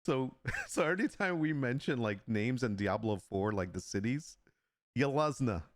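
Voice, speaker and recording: Lively, joking man on a dry mic. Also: normal speed, dry recording. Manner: joking, laughs often, playful mock sales pitches. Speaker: livestream host and digital artist. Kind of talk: casual live stream chat.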